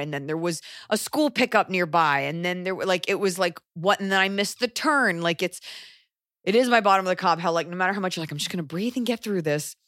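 A woman co-hosting a podcast, giving casual advice in a rambling, animated way and swearing freely. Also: fairly low pitch, no echo, clean studio sound. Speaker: podcast co-host. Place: Los Angeles area.

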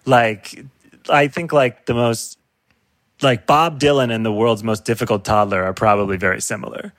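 A man's voice: lowish voice, steady tone, normal speed, a bit bright, no echo, clean studio sound. A male comedian in a casual chat, laughing often as he riffs and acts out silly voices. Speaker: comedian guest.

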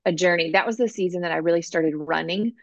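A woman guest, an author and coach, telling her faith story in an earnest, animated way on a podcast interview. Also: lowish voice, quick pace, no room sound, lo-fi sound.

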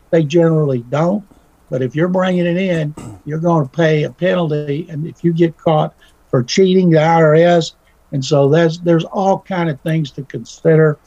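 A man's voice: a little high, gravelly, darkish tone, dry recording, muffled recording. A man talking casually as a guest commentator, folksy and telling stories with little acted-out voices. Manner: folksy, acts out quoted voices in his story. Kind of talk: casual radio talk.

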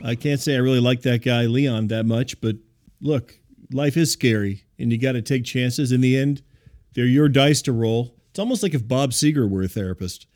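Dry deadpan man rambling. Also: mid-range voice, normal speed. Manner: dry, rambling, wry asides. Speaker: host. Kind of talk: deadpan comic monologue.

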